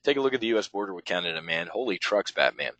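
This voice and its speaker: Low-ish voiced guy, brash and punchy, blunt and kinda profane, rambling thru trades live, dry close sound. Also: animated, rapid-fire, fairly bright tone, no room sound, rough recording. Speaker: options trading instructor. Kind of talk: live trading webinar, thinking aloud.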